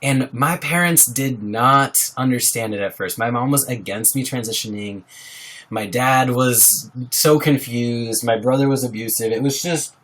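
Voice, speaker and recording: A man's voice: mid-range voice, measured pace, fairly bright tone. A young man hosting a casual livestream, talking earnestly and supportively to his viewers and reading out their names. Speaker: livestream host. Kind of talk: casual live-stream chat with viewers.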